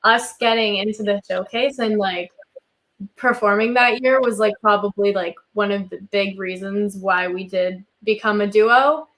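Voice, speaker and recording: A young woman in her twenties, a singer guesting on a casual chat, relaxed and full of "like". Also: medium pitch, unhurried. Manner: relaxed, heavy use of "like". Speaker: country duo singer, guest.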